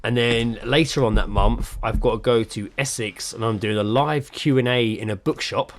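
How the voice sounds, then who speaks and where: A man co-hosting a podcast, chatting casually over a video call. He sounds animated, swears freely and uses lots of fillers. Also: medium pitch, moderate pace. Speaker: podcast co-host. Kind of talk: casual chat.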